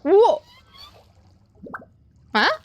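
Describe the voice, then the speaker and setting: A woman streaming a video game, chatting playfully with her viewers and swearing freely as she plays. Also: extremely slow. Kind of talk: casual gameplay commentary.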